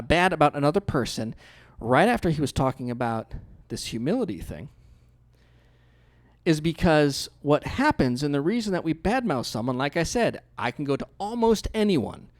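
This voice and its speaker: A man preaching a sermon as pastor, telling stories in a conversational way with quick acted-out quotes. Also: fairly high pitch, sing-song.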